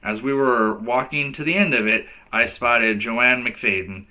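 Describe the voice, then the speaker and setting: A man's voice: mid-range voice, a little slow, lo-fi sound. A male teacher reading a children's novel aloud to kids, giving each character a voice. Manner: lively storyteller who voices each character.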